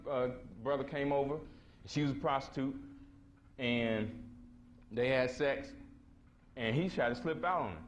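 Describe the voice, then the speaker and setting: A man's voice: medium pitch, a little hiss or hum. A man speaking at a conference. He tells stories to a live audience in blunt, slangy, emphatic talk and acts out the voices he quotes. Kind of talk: casual storytelling lecture to a live audience. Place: conference hall before an audience.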